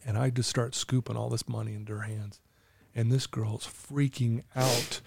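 Mellow-voiced man telling his story. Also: mid-range voice, flat delivery, moderate pace, vocal fry, breathy edge. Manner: earnest, emotional storyteller who laughs easily. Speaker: recovery coach and podcast guest. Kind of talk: personal storytelling in a podcast interview.

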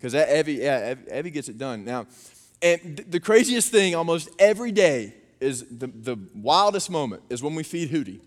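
A man, preaching a sermon and telling family stories with animated impressions. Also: fairly high pitch, moderate pace. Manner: animated storytelling, acting out his daughters' voices. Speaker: pastor. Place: church auditorium. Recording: long reverb of a church hall.

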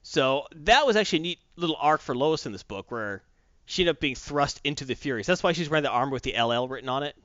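A man chatting through a comic book plot with a lively, swooping delivery, slipping into voices for the characters. The recording is dry and a little dull, with no room sound. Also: on the high side, no room sound. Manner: animated, jumps into quick character voices while retelling. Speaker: comic book podcast host. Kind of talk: casual comic recap chat.

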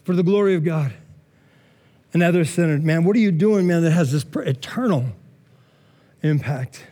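Man, pastor, high voice, casual conversational sermon, many asides. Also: moderate pace, mellow.

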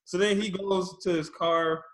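A man's voice: high voice, a little slow. Man telling profane stories in an echoey room. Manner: animated, profane storytelling with frequent laughs. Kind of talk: casual chat. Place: his office.

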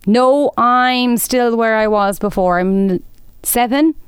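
A woman's voice: a little high, slow pace, smooth, no room sound. A woman co-hosting a podcast, talking bluntly in casual chat and reading out listener letters. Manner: blunt, chatty, reads listener letters aloud. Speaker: podcast co-host.

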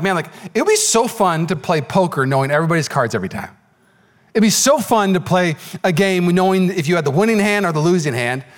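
A male pastor preaching a sermon, telling stories in an animated way and acting out the voices of the people in them. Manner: animated storytelling, acts out voices in high pitch.

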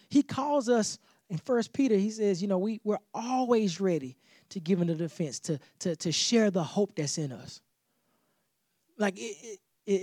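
A man's voice: high voice, dry recording, clean studio sound. A man preaching a sermon as pastor, talking in a loose conversational way, repeating himself and acting out little dialogues. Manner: animated, conversational preaching with repetitions and acted-out dialogue.

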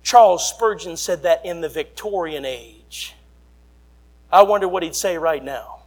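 A young man, preaching a fiery revival sermon and swinging between quiet asides and shouts. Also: unhurried. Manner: fiery, shouting, sweeping swings in pitch and volume. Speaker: traveling preacher.

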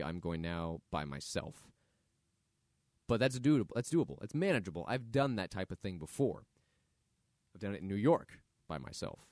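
A man with a low-sitting voice hosts his own podcast, delivering a casual solo monologue and thinking aloud with fillers. The recording is dry, with clean studio sound.

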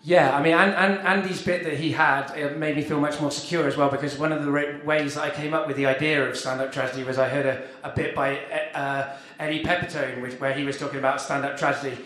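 Fast rambly guy running a comedy night, chatty, echoey room. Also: fairly high pitch, fairly even intonation, fairly bright tone, slight background noise. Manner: rapid, rambling storytelling with laughs. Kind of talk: casual chat after a set.

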